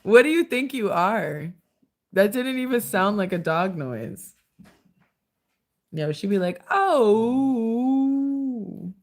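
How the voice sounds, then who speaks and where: A woman's voice: mid-range voice, expressive, moderate pace. A young woman hosting a casual livestream from home at night, chatting with viewers and scolding her dog. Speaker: livestream host.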